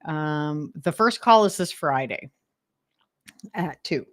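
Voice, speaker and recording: A woman's voice: low voice, lively intonation, slow pace, no room sound, clean studio sound. Bubbly Canadian woman hosting a livestream. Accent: Canadian English. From Western Canada. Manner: bubbly, enthusiastic, laughs often. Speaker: host of a decluttering livestream. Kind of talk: casual live-stream chat with viewers.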